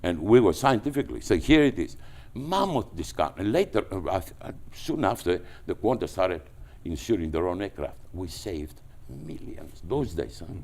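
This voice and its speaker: A man from Greece with a Greek accent, telling business anecdotes as a guest, animated and full of restarts. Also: deep voice, normal speed, gravelly. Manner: animated, with frequent restarts and repetitions. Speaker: entrepreneur guest. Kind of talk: anecdotal storytelling.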